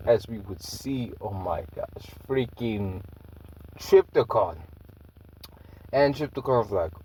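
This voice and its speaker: A man's voice: lowish voice, very animated, normal speed, mellow, a little hiss or hum. A man telling a fan-made story in a rambling, slangy way, with many fillers.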